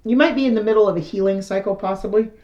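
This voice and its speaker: A woman doing a casual tarot reading, chatty and self-deprecating, her voice still a little hoarse after losing it. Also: medium pitch, very fast, dark tone, roomy sound, highs cut off. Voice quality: slightly hoarse, recovering from lost voice. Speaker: tarot reader. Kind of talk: casual tarot reading, reading card texts aloud.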